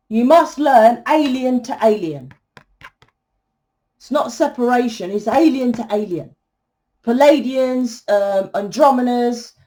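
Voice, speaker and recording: A woman's voice: fairly high pitch, a little mellow. A woman giving a tarot reading in a fiery, blunt monologue, swearing freely and asking "right?" often. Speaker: tarot reader.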